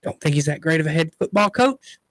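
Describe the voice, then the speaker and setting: Quick, bright-voiced sports radio co-host. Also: male voice, on the high side, lively intonation, no echo, rough recording. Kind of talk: casual sports chat.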